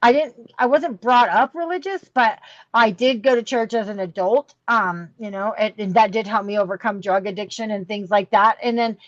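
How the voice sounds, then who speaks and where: A woman's voice: medium pitch, normal speed, dry recording, muffled recording. A middle-aged woman telling a candid, emotional story as a podcast guest, with many fillers and restarts. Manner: rambling, emotional, full of fillers.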